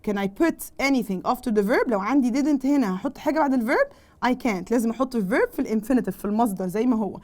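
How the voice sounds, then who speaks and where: A woman's voice: a little high, animated, very fast, a little mellow. A woman with an Egyptian accent teaching an English revision lesson, explaining each point in English and then in Arabic and quizzing her pupils as she goes. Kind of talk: bilingual exam revision lesson.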